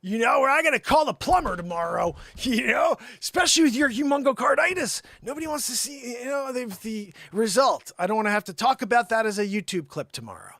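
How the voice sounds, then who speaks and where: A man hosting a call-in comedy livestream in a high, bouncy voice. He rambles through jokes and keeps teasing an off-screen helper. The sound is dry and close. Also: lively intonation, brisk, few pauses, fairly bright tone, dry recording. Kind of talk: joking livestream banter.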